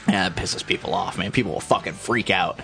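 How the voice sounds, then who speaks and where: A man's voice: low voice, a little fast, gravelly, fairly bright tone. A man co-hosting a podcast in casual chat, swearing often, laughing a lot and acting out voices in his stories. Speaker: podcast co-host.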